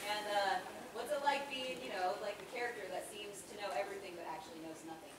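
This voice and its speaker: A woman in the audience asking a panel a question in a lively, chatty way. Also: medium pitch, fast. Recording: very echoey hall from far off, loud crowd.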